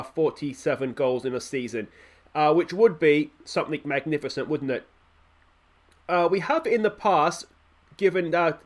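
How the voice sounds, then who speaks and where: A young man with an Australian accent commentating his own football management game in a chatty, self-mocking way. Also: fairly high pitch. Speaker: gaming YouTuber. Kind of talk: let's play commentary.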